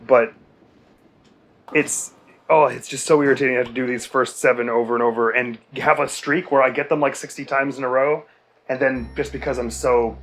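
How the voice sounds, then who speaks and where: Man, mid-pitch, grumbling let's-play host who mocks himself, faint game music behind. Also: fairly bright tone. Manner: rambling, self-mocking, exasperated grumbling. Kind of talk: casual gameplay commentary.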